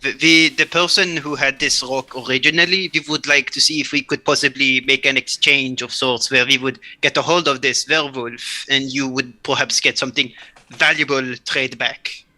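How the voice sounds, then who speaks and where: Man voicing a halting, overly formal frog sorcerer. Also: mid-range voice, steady tone, bright, forceful tone. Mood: flustered. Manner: halting, full of filler words and stumbles. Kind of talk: tabletop role-play in character.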